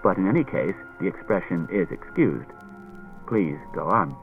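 A man reading an audiobook, voicing a calm, polite male robot who speaks in a formal, measured way, on a dull lo-fi recording. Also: deep voice, gravelly, faint music behind.

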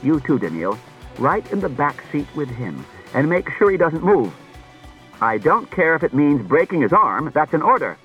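A man voicing an irritable police detective giving gruff orders. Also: fairly high pitch, sing-song, moderate pace, a bit bright, lo-fi sound, faint music behind, voice pushed up. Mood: gruff, commanding. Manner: gruff and commanding.

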